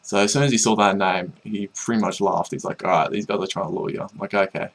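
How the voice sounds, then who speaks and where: A man's voice: low voice, fairly even intonation, fast, creaky, low-quality recording. A young man casually telling a rambling, amused story about an online game, full of fillers and restarts.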